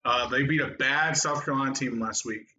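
A man co-hosting a sports betting podcast, giving his pick in a relaxed, casual way. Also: mid-range voice, brisk. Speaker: podcast co-host. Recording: echoey, slightly dull with faint noise.

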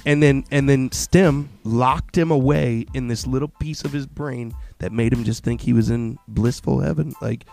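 A young man casually retelling a movie plot in animated, swear-filled chat. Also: medium pitch, normal speed, creaky, hardly any pauses, soft background music.

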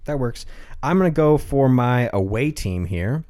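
A man's voice: mid-range voice, expressive, measured pace, darkish tone. A man co-hosting a podcast, chatting casually about football picks in a teasing, joking way. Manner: teasing, chatty, laughs often. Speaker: podcast co-host. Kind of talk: casual sports chat.

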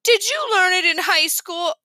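A woman's voice: extremely high pitch, animated, moderate pace, pushed and bright, no room sound, studio quality, voice pushed up, exaggerated voice. A woman reading an audiobook, voicing a whiny, scared little boy who pleads and nearly cries. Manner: whiny, pleading, near tears. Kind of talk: audiobook character voice.

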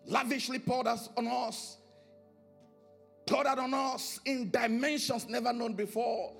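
A man preaching a sermon in a high, bright voice that rises into sing-song emphasis and drops to quiet, low lines. He leans on repeated phrases. Faint music plays softly behind him. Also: fairly even intonation, measured pace, vocal fry. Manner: preaching with sudden swings in pitch and volume, sing-song emphasis. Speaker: pastor.

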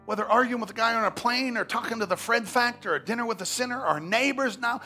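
A man preaching a sermon as pastor, telling stories with big swings from hushed to shouting. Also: very high-pitched, fast talker, faint music behind. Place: church sanctuary.

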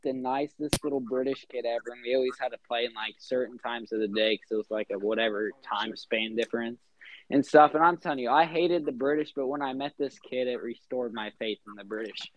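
A man's voice: mid-range voice, low-quality recording. A man co-hosting a casual podcast chat, telling stories animatedly and tagging his lines with "okay?". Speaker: podcast co-host.

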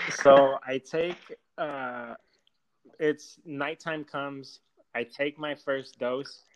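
A man's voice: medium pitch, fairly even intonation, drawn-out words, long pauses, crowd noise, low-quality recording. Young guy, podcast storyteller, casual and profane. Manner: loose, profane storytelling, lots of fillers. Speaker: storyteller guest.

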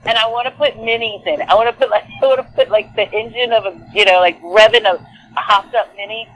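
Chatty high-voiced woman with a Southern accent. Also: a little fast, poor audio. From Texas, USA. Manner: chatty, animated, many fillers and restarts. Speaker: lead singer, guest. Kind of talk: casual interview chat.

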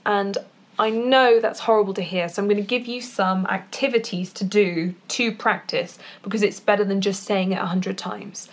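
A woman who is a voice actor and poet, giving performance tips in a chatty, informal way, now and then demonstrating exercises with her voice. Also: medium pitch. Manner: chatty, with fillers and small laughs, demonstrating vocal exercises. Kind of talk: casual instructional talk.

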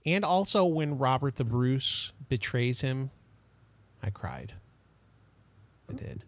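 A man co-hosting a podcast, chatting casually in an animated, joking way. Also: mid-range voice, slow pace. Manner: animated, joking, self-deprecating. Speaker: podcast co-host. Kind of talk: casual chat.

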